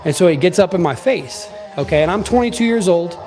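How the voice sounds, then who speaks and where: Animated man telling a story, fairly high voice. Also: a little fast, faint music behind. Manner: animated, emphatic, swears casually. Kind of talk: casual storytelling.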